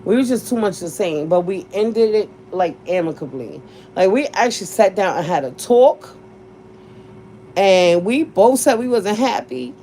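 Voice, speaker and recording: A woman's voice: mid-range voice, animated, unhurried, mellow, slight background noise, low-quality recording. A woman, talking candidly and bluntly in a casual chat, cursing freely and laughing often. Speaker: podcast host.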